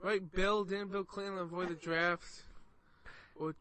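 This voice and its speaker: Young male co-host, high bright voice, wisecracking radio banter. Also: flat delivery, a little slow. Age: 20s. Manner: wisecracking, mocking.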